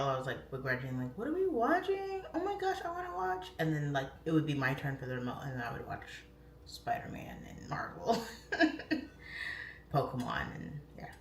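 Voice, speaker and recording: Chatty woman livestreaming from a roomy home. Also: on the low side. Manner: chatty and rambling, full of "like" and "um"; greets and thanks chat viewers. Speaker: livestream host. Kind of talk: casual morning livestream chat. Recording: roomy, distant mic, faint room noise.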